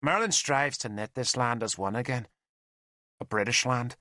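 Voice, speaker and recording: A man's voice: mid-range voice, normal speed, sharp tone, dry recording, clean studio sound, close to an everyday voice. A man voicing a scornful young druid girl who speaks for the gods in a chanting, insolent, detached way.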